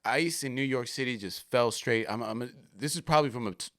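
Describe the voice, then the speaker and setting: A man's voice: medium pitch, fairly quick, fairly bright tone, no room sound, clean studio sound. A man hosting a podcast, chatting casually as he reacts to videos, swearing freely and laughing often. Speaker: podcast host.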